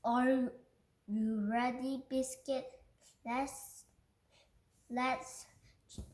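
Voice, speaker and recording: A Korean-native woman reads a children's picture book aloud very slowly, carefully and haltingly, restarting words as she goes. Her voice sits a little high, level and a little mellow, in an echoey room.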